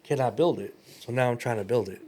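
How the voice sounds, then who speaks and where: A man's voice: medium pitch, fast talker, mellow. A man chatting as a podcast guest and brand coach, telling stories, acting out quoted dialogue and laughing often. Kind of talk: casual chat.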